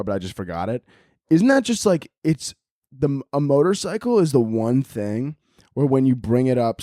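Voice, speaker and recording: A young man rambling through a casual podcast chat, cracking jokes and swearing freely as he jumps between topics. His voice sits at an average pitch and sounds dry and close to the mic. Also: a little mellow, no room sound. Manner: profane, jokey, rambling. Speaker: podcast host.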